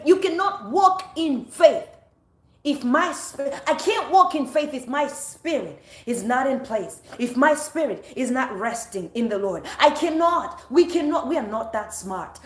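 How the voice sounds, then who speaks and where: Slow, lively-voiced woman preaching. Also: high-pitched, echoey room. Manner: repeats phrases for emphasis, laughs. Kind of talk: sermon podcast.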